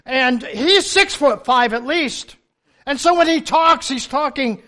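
An older man preaches to his congregation in a strikingly high, bright voice. His storytelling is animated and humorous, and he swings from soft asides to sudden loud bursts. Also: unhurried. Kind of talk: sermon. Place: church.

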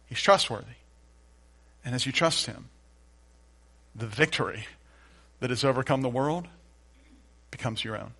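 A man preaching a sermon, acting out a doubting believer's complaints and then answering softly with calls to trust God. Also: mid-range voice, unhurried, gravelly, pauses often. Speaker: pastor.

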